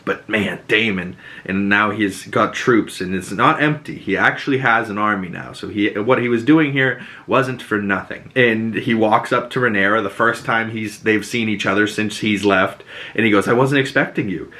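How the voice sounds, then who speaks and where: A man hosting a podcast, casually recapping a TV episode in an excitable, rambling way, full of "like" and swear words. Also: lowish voice, normal speed. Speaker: podcast host.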